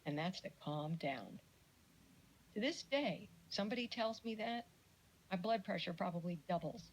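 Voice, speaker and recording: A middle-aged woman giving a casual lecture on parenting, chatty and animated, with jokey asides and little acted-out quotes. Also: fairly low pitch, normal speed, slightly rough, poor audio. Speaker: speaker giving a talk on parenting.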